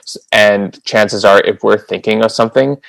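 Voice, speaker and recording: A man's voice: fairly low pitch, moderate pace, creaky, fairly bright tone, dry recording, poor audio. A man co-hosting a podcast in casual chat, reflective and playful by turns. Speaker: podcast co-host.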